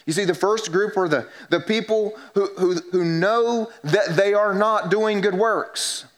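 A man preaches a church sermon in a somewhat higher voice. He pushes up in pitch to drive points home, then sinks low and soft to voice what people say. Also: measured pace. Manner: emphatic preaching, drops low and quiet for quoted voices. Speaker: pastor.

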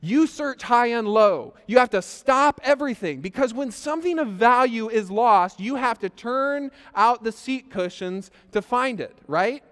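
Pastor guy preaching, high smooth voice, jokes with the crowd, big church hall echo. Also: animated, a little slow, hardly any pauses, fairly bright tone. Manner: conversational, jokey, addresses congregation directly. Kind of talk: sermon.

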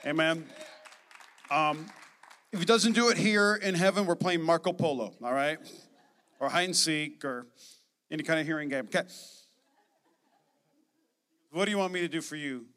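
A man with a high, bright, forceful voice preaches with energy and emphasis, throwing in joking asides to his congregation. His sermon rings out with a long reverb from the church sanctuary. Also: moderate pace, pauses often. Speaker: pastor.

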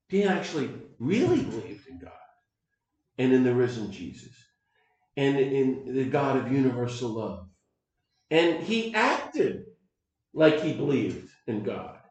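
A man in his sixties from the United States, telling personal stories as a podcast host in an animated, digressive way. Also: medium pitch. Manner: animated and digressive, swinging between loud bursts and quiet asides. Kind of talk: personal storytelling. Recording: very echoey room.

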